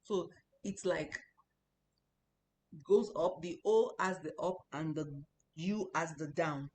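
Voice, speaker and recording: Low-voiced woman teaching tones. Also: slow, a little mellow. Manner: explanatory, repeats words for practice, chatty asides. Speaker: Chinese language teacher. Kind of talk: online language lesson.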